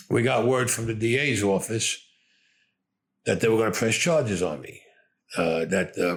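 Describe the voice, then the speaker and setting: Gruff older Brooklyn man, swearing freely. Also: on the low side. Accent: Brooklyn New York. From Brooklyn, New York. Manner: blunt, gruff, swears often. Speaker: interviewee recounting his past. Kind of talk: profane storytelling interview.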